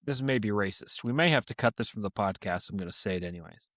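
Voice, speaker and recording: A man's voice: fairly low pitch, lively intonation, fast, a bit bright, no room sound, clean studio sound. A young man co-hosting a podcast in casual chat, telling stories and acting out the voices he quotes. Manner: storytelling, acts out quoted voices. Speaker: podcast co-host.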